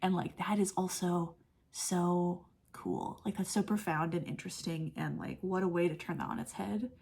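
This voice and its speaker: A woman gushing through a casual film review, saying "like" often and dropping into soft whispers. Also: fairly low pitch, fairly even intonation, normal speed, vocal fry, husky. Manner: gushing, heavy use of "like", drops to soft whispers when moved; laughs often mid-sentence. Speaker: movie reviewer.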